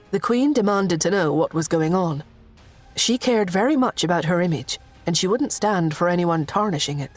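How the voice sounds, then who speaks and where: A woman reading a story aloud as narrator in a steady, measured way. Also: lowish voice, faint music behind. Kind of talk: scripted narration.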